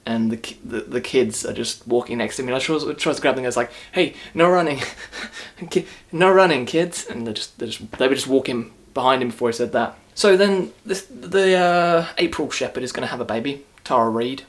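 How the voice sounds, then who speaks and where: A man's voice: medium pitch, a little fast, few pauses. Sarcastic man ranting about a film. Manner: sarcastic, mocking, rambling with restarts. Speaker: movie reviewer. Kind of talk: casual ranting movie review.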